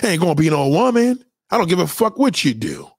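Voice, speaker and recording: A man's voice: on the high side, sing-song, fairly quick, breathy edge, dry recording, studio quality. A man delivering a blunt, heated, profane rant to his followers, repeating his points. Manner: blunt, heated, repetitive, swearing. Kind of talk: profane ranting monologue to followers.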